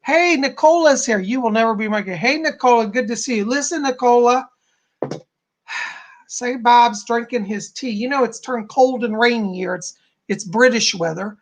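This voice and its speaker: A man with a gravelly, fry-edged voice hosts a live stream in easy, casual chat. He is bubbly and chatty, greeting viewers one after another and reading out their comments. His tone stays relaxed and friendly. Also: extremely high pitch. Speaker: psychic medium hosting a live stream.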